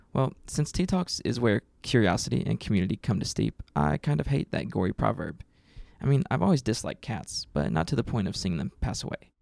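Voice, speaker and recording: A man hosting a show, narrating a scripted segment in a wry, measured way. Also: mid-range voice, creaky, darkish tone, dry recording. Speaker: podcast host.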